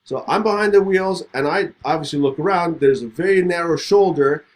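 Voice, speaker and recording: A podcast host talks in a fairly high voice. He tells a story in casual conversation and acts out each side of the exchange with a lot of energy. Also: fairly quick. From Middle East. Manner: animated, acts out both sides of a story.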